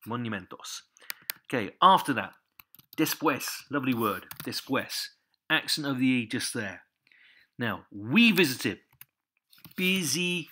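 Man, Spanish teacher, unhurried delivery, bright clear tone, patient and repetitive. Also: medium pitch, animated. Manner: patient, repeats each point, stresses accents. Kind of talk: step-by-step language lesson.

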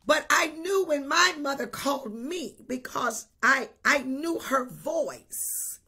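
A woman bishop preaches a livestream sermon in a very husky, breathy voice pitched a little high, with a sharp tone. She repeats her points emphatically, throws in hallelujahs and calls out viewers by name.

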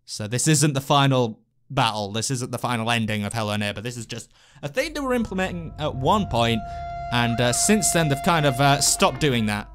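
A man giving lively, jokey gameplay commentary as a let's play host, talking to the characters on screen. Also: mid-range voice, moderate pace, soft background music. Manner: excitable, jokey, talks to the game characters.

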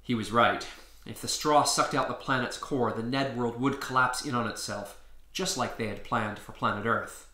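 A man reading his own story aloud in a lively storybook narration. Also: mid-range voice, moderate pace, reverberant. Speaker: author reading his book.

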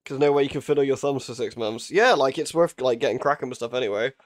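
A man's voice: mid-range voice, fast talker. A young man chatting casually while live-streaming a horror game, joking, swearing and laughing often.

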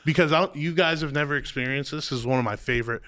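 A man's voice: on the high side, rapid-fire, a bit bright. A man co-hosting a casual podcast in a studio, eager and full of follow-up questions. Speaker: podcast co-host. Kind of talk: casual chat.

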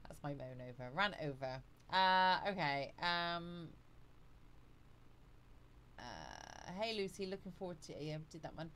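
A woman's voice: deep voice, big pitch swings, a little slow, a bit bright, slight background noise. A woman on a casual livestream, chatting breezily, greeting viewers by name and laughing often. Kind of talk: casual live chat reading out viewer comments.

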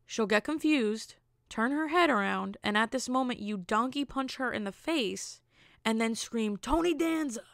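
Her voice is a little high and creaky, and she speaks at a measured pace, with clean studio sound and no room sound. The young podcast host bluntly narrates a dating story alone, animatedly acting out the quotations.

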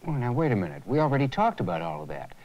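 A man's voice: medium pitch, very animated, racing, a little mellow, muffled recording, natural voice. An actor playing an eager man learning about customer service, in a 1980s educational film. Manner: eager, questioning. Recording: faint hiss on an old tape transfer.

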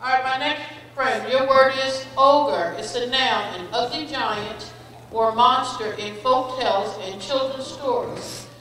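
A woman serving as a spelling bee pronouncer, reading each word with its definition and an example sentence, measured and patient. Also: a little high, fairly bright tone, soft background music. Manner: measured and patient, calls each child friend. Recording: echoey hall, voice far from mic, faint noise.

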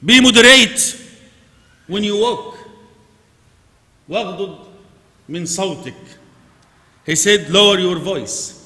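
Male preacher, English sermon, bright tone, long hall reverb. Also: measured pace, long pauses. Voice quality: non-native English with Arabic phrases. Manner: swings from loud emphatic urging to low quiet asides. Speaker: imam giving a Friday sermon. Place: large mosque prayer hall.

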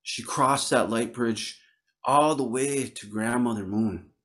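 A man from Northern Wisconsin telling a traditional story aloud, slow and gentle, with repetitions and pauses. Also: mid-range voice. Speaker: Ojibwe storyteller. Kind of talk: oral storytelling. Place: online virtual event.

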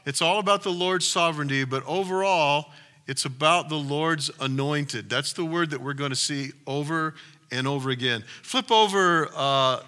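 Man, pastor, church sermon, conversational storytelling, sharp bright voice, a bit high. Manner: conversational, retelling a story with asides.

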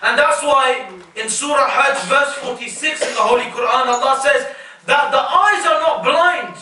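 High, bright-voiced male preacher. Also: normal speed. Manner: emphatic, asks the audience rhetorical questions. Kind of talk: sermon. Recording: echoey hall, voice from far off.

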